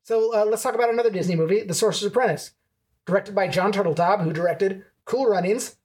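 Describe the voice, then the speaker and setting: A man hosting a casual movie podcast, quick and joking as he runs through trivia. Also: high-pitched, darkish tone, slightly rough. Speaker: podcast host.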